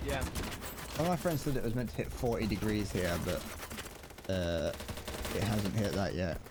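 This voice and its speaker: A man's voice: on the low side, normal speed, noisy background. A young man streaming a shooter game, chatting casually and joking at length. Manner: rambling, joking, often laughing at himself. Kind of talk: casual gameplay commentary. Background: gunfire and explosions from the game.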